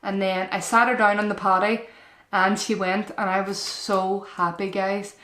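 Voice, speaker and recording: A woman's voice: mid-range voice, little pitch movement, normal speed, a bit bright. A young woman and mum giving earnest, chatty parenting advice to camera in a casual vlog style, often calling her viewers "guys" and repeating herself. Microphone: camera-mounted shotgun mic. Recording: echoey room.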